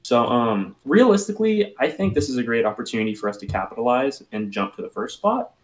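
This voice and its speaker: A man on a sports podcast speaks candidly and casually, with the odd curse word. His pitch is ordinary and middle. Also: sing-song, brisk. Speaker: podcast co-host.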